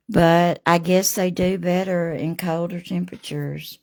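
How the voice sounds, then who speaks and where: A woman hosting a live painting demo, chatting warmly with viewers by name as she works. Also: fairly low pitch, steady tone, measured pace, gravelly. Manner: homey and gushing, talks to viewers by name.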